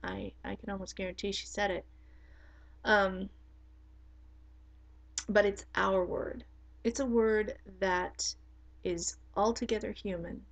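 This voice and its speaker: A middle-aged woman, a spiritual teacher, talking straight to camera in a forceful, blunt, emphatic way. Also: medium pitch, fairly even intonation, takes it slowly, gravelly, long pauses, rough recording. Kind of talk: casual monologue to camera.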